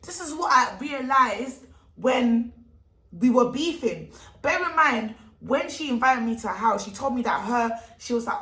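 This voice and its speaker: A young woman telling a storytime vlog, animated and emphatic, full of street slang. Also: fairly high pitch, a little slow. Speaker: vlogger. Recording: echoey room.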